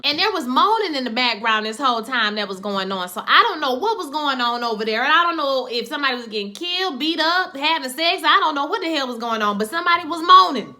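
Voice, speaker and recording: A woman's voice: high-pitched, animated, fast talker, few pauses, bright, forceful tone. A young adult woman giving a casual, candid recap of a TV episode in a chatty, slangy storytelling way.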